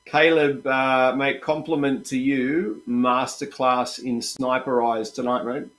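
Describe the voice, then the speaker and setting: Speaking slowly, a middle-aged man with an Australian accent runs a laid-back trading-room livestream. His voice is of average male pitch, and he keeps cheering on his audience, addressing them as guys and mate.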